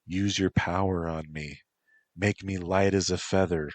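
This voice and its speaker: A man's voice: sits low, steady tone, a little slow, dry recording. A man voicing an earnest, heartsick young man who talks plainly.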